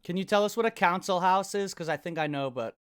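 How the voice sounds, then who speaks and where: An American man co-hosting a comedy podcast, speaking in his gravelly morning voice, easygoing and quick to laugh. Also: high voice. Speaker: podcast co-host. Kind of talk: casual comedy podcast chat.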